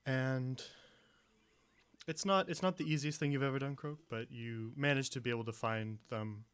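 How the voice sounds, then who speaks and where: A man's voice: mid-range voice, normal speed, clear, resonant tone. Easygoing male game master. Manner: relaxed, hesitant, many ums. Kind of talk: narrating a tabletop game.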